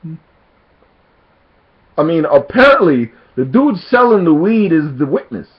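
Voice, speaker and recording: A man's voice: on the high side, measured pace, breathy edge, highs cut off. A man telling a casual story to his camera, laughing often and acting out what people said. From Jamaican heritage. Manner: animated storytelling, laughs often, acts out quotes.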